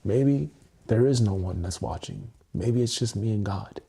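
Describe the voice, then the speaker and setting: Gravelly, earnest man on a livestream. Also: fairly low pitch, unhurried, dark tone. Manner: earnest, emotional, swears freely, repeats phrases. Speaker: content creator. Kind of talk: solo livestream monologue, EFT tapping. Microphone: webcam mic, looking into camera.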